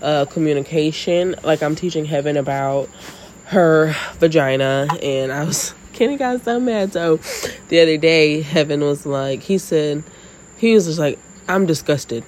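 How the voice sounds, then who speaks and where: A woman in her thirties co-hosting a casual chat, an animated storyteller who laughs often. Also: deep voice, a little slow, slight background noise, poor audio. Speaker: podcast co-host.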